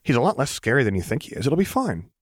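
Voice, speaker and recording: A man reading an audiobook voices a cheerful, mischievous young man with a bright, teasing delivery. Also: mid-range voice, very animated, fast, no echo, studio quality, pitched above the performer's own voice.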